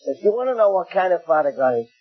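An older man from England with an English accent, preaching a sermon in an anecdotal, gently humorous way. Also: high-pitched, sing-song, racing, breathy edge, muffled recording, soft background music.

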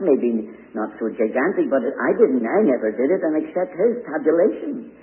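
A man preaching a sermon, earnest and emphatic, building up to pointed questions. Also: mid-range voice. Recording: tinny lo-fi radio broadcast, long reverb.

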